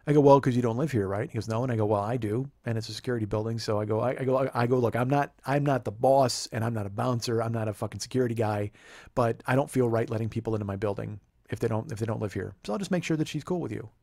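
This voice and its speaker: A man's voice: medium pitch, steady tone, fast, darkish tone, dry recording, studio quality. Profane man telling a heated story. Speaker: comedian host.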